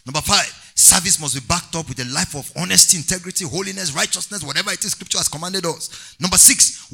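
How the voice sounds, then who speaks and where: Man, preacher, sermon, high-pitched, very lively intonation, emphatic. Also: fast, gravelly. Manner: emphatic, sing-song preaching with call-and-response.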